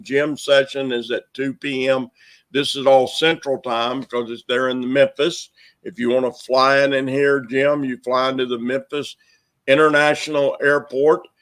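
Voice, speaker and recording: A man with a Southern US accent, a minister hosting the show, talking in a folksy, joking way. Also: medium pitch. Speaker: minister and host. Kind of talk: casual chat.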